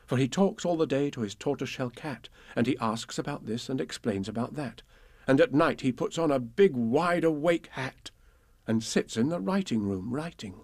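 A man reading children's poems and stories aloud in a gentle, expressive way. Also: medium pitch, moderate pace, dry recording.

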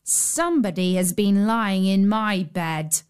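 A woman's voice: mid-range voice, slow pace, smooth, natural voice. A woman voicing the middle bear of a bedtime story in a plain, middling voice. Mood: puzzled.

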